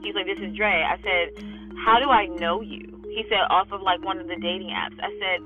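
A woman talking bluntly and profanely in a casual vlog monologue from her parked car, telling animated stories. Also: fairly low pitch, moderate pace, narrow, tinny audio, music in the background. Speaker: vlogger.

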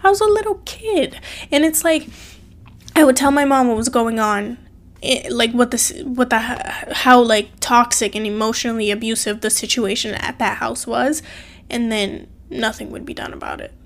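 A woman with a fairly high voice, even intonation and moderate pace tells her camera a personal story, earnest and emotional and sometimes near tears. She is from outside the US, fills her speech with "like" and repeated phrases, and is recorded on a phone or camera.

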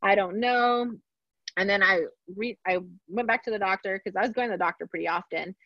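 A middle-aged woman telling a personal story in conversation, animated and acting out the voices of others, laughing often. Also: mid-range voice, fast talker, creaky, no echo. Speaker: podcast guest. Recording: dull, dry sound.

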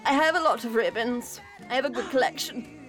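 A woman voicing a sensitive, easily hurt male fae lord who talks softly and sniffles. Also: fairly high pitch, fairly quick, faint music behind, lightly acted. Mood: shy.

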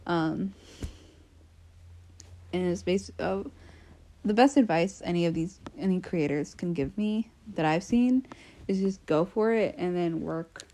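A young woman with an American accent talks casually through her solo podcast. Her voice is warm and mellow and sits on the lower side. She rambles in a self-deprecating way and trips over her words with plenty of fillers and restarts. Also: unhurried, pauses often. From United States. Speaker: podcast host.

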